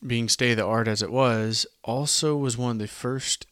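A man's voice: mid-range voice, fairly even intonation, normal speed, fairly bright tone, dry recording, studio quality. A man with a Southern US accent, hosting a history podcast and explaining events in a conversational way with asides. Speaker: podcast host. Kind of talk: casual history podcast narration.

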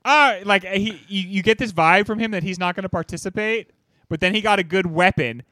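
Enthusiastic man, slightly high voice. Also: brisk, pushed and bright, no echo. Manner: enthusiastic, rambling with restarts. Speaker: podcast co-host. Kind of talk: casual movie-review podcast chat.

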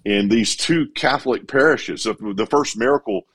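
A middle-aged man, an evangelist guest in an interview, telling his story in an animated way. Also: medium pitch, normal speed, breathy edge. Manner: animated, acts out quotes.

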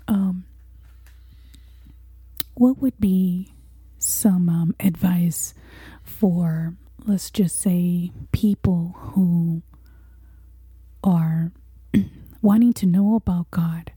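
A woman interviewing a guest about faith, speaking in a soft, breathy, half-whispered way. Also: fairly low pitch, steady tone, very slow, no room sound.

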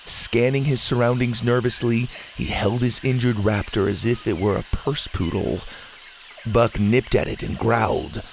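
A man narrating a children's adventure audio story in an expressive, lively manner. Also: mid-range voice, unhurried, slight background noise.

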